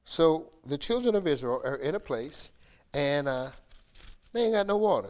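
A man's voice: a little high, big pitch swings, moderate pace, a little mellow. A man preaching a sermon, talking with his congregation in a conversational way, laughing and calling for responses. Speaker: bishop, preacher.

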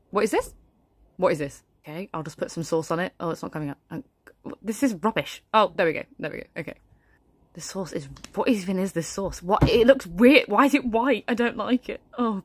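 A woman's voice: fairly low pitch, dry recording. A woman playing a haughty aristocratic mother stuck at a children's party, muttering snobbish, grumbling asides. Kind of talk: comic sketch monologue.

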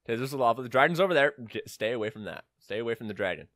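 A man's voice: mid-range voice, lively intonation, very fast, fairly bright tone, no room sound, clean studio sound. A young man giving casual let's-play commentary, rambling with joking asides as he plays. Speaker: gamer.

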